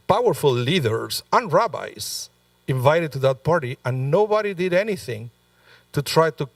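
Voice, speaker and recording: A man's voice: a little high, no room sound, recorded from a distance. A male rabbi delivering a sermon in a conversational, storytelling way, with frequent asides to the congregation. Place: synagogue sanctuary.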